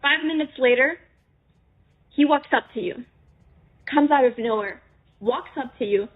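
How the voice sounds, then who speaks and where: A woman's voice: sits high, unhurried, husky. A young woman casually telling a story in the second person, acting out bits of dialogue. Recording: tinny phone-like sound.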